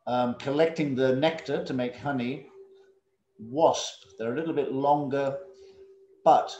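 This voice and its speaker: Over a video call, a man with a mid-range voice patiently teaches English, drilling words slowly. He calls on students by name and slips in Indonesian classroom words, and the sound is reverberant.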